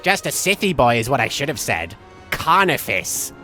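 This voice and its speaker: A man's voice: mid-range voice, sing-song, moderate pace, pushed and bright, faint music behind. A man playing a manic, childish villain who rambles and jumps between jokes while streaming a game, sniffling from a cold. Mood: giddy rambling. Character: manic goofy male villain, childish and gleeful. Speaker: livestream gamer. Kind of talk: live game-stream commentary in character.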